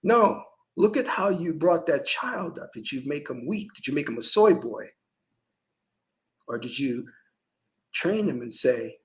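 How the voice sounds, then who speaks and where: A man's voice: fairly high pitch, sing-song, unhurried, pauses often, poor audio. A man who is a Kemetic priest, giving an emphatic, preachy spiritual lecture full of restarts.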